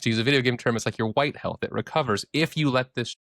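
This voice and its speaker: A man's voice: mid-range voice, fast, gravelly, fairly bright tone, dry recording, studio quality. A man co-hosting a podcast, explaining things in a rambling, jokey way with some swearing. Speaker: podcast co-host. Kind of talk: casual chat, explaining.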